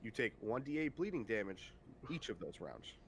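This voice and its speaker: A man with a lowish voice runs a tabletop game, narrating at an easy pace and pausing often with fillers. He talks over a home microphone on a voice call, with a faint hiss behind him. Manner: relaxed, halting narration with many fillers. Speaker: game master.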